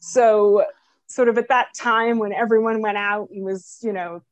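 A woman's voice: mid-range voice, fairly even intonation, unhurried, no room sound. A woman in her thirties from New York and New Jersey, a podcast guest telling friendly, wry stories. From New York City and rural New Jersey. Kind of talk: casual interview chat.

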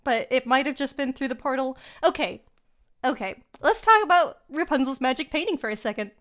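A young woman co-hosting a podcast gives a casual film review, giggling and sprinkling in slang and fillers. Her voice is high, a bit bright and expressive, and she talks a little fast.

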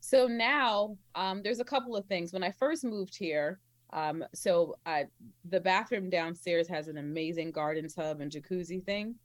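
A woman's voice: on the low side, measured pace, no room sound. A woman guest in a casual interview, speaking candidly and laughing easily.

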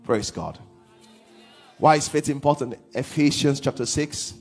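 A man preaching a sermon as pastor, swinging from hushed lines to half-sung shouts. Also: medium pitch, a little slow, faint music behind.

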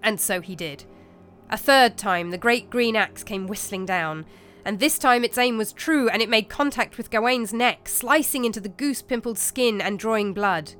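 A woman narrating a story in a measured, expressive storybook manner. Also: on the high side, faint music behind.

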